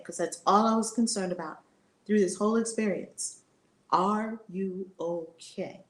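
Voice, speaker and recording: A middle-aged woman giving an impassioned spiritual talk, emphatic and repetitive, swinging between loud declarations and hushed asides, casual and swearing freely. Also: medium pitch, measured pace, echoey room. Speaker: spiritual teacher.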